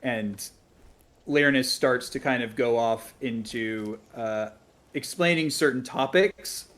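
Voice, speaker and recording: Soft-spoken man tabletop player. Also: medium pitch, slow. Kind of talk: casual tabletop role-play.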